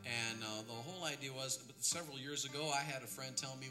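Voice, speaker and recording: A man, a folk singer, introducing a song in relaxed, rambling stage patter on a concert stage for a live radio broadcast. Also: medium pitch, fairly quick, music in the background. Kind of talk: stage patter between songs.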